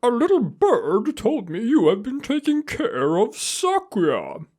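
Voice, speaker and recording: A woman's voice: fairly high pitch, huge pitch swings, slow pace, darkish tone, voice pushed up, heavily acted. A woman voicing a flamboyant, airy male pigeon nobleman in a visual novel game, reading a letter in a theatrical sing-song.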